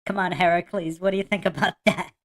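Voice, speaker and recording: A woman podcast host speaks quickly in a lowish, steady voice. She laughs a lot and mocks as she works through a debate clip and reads chat comments aloud in casual live-stream commentary.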